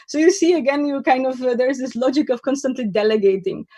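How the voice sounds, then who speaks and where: A woman's voice: high voice, expressive, fast talker, mellow, dry recording. A woman giving an academic conference lecture, critical and wry, with many fillers and restarts. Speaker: conference speaker. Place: online conference talk.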